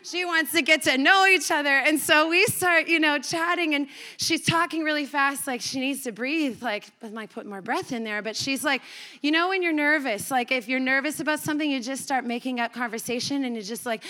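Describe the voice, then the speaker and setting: Woman pastor, from Canada, high bright voice, chatty sermon storytelling, acts out conversations. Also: brisk. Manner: conversational and animated, quoting dialogue with laughs.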